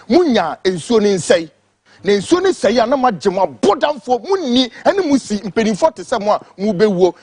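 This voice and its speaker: A Ghanaian man delivering an angry, impassioned political tirade with a husky voice, mixing English with Twi. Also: sits high, no echo. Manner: angry, shouting insults, switching between English and Twi. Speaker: political commentator.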